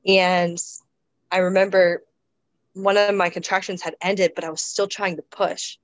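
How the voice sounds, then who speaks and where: A woman's voice: lowish voice, level tone, measured pace, highs cut off. A woman guest in a casual interview, talking reflectively with many restarts and fillers. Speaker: guest describing her births.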